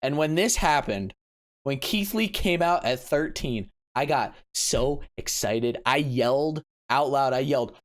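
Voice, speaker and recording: A man giving a casual, excitable recap of a wrestling event as a vlogger, dropping low and then bursting into sudden yelps. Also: smooth.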